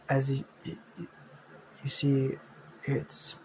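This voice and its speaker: A man's voice: medium pitch, flat delivery, a little slow, pauses often, a little mellow. Young guy telling a fan story off the cuff, rambly and swearing, medium voice, slight hiss. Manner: rambling, profane, restarts often. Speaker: channel host narrating. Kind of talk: improvised fan story narration.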